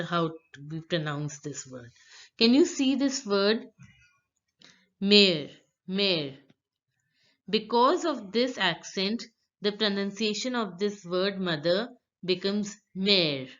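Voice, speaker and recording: A woman teaching pronunciation, slowly and patiently repeating words for beginners. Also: medium pitch, dull audio. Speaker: French teacher. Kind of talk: slow explanatory lesson.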